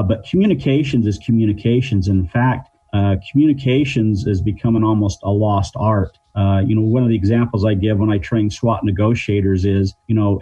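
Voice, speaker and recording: A middle-aged man with a low, mellow and slightly husky voice explains things in a measured way and leans on everyday examples. He comes through a dull, lo-fi line. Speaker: guest, crisis negotiation trainer. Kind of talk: explanatory interview answers.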